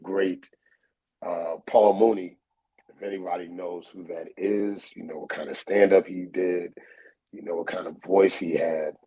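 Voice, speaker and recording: A comedian, telling stories in a casual interview over a video call, relaxed and full of fillers. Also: male voice, sits low, poor audio. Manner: relaxed, storytelling, many fillers. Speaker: comedian guest.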